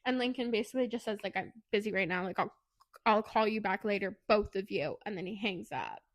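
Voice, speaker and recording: A woman co-hosting a podcast, retelling a book plot fast and animatedly, with swearing. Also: medium pitch. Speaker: podcast co-host. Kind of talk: casual book recap.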